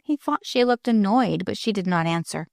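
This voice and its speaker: A woman narrating an audiobook in a lively, expressive reading. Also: mid-range voice, moderate pace, vocal fry, no room sound, clean studio sound.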